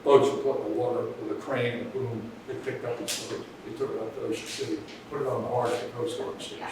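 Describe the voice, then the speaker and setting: A man's voice: mid-range voice, steady tone, fast talker. A man telling a long rambling anecdote in a casual way, chuckling now and then. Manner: rambling, restarts, chuckles at his own story. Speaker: storyteller. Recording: distant echoey room with background noise.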